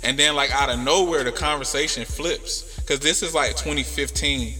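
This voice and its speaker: A relaxed male podcast host talks through a story at an easy pace. His voice is bright and forward, heard with a long reverb tail. Faint music sits underneath. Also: medium pitch, moderate pace. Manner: laid-back, rambling with many fillers. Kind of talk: casual storytelling chat.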